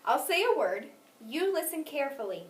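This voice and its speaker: A woman teaching a phonics lesson, patient and clear, stressing syllables carefully and encouraging her student. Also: high-pitched, sing-song, normal speed, far from the mic. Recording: echoey room, voice from off mic.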